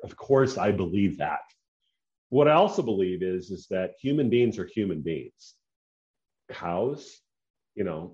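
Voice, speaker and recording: Deep-voiced, emphatic man, lo-fi sound. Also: a little mellow. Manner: emphatic, opinionated, self-assured. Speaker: podcaster. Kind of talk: casual monologue to camera.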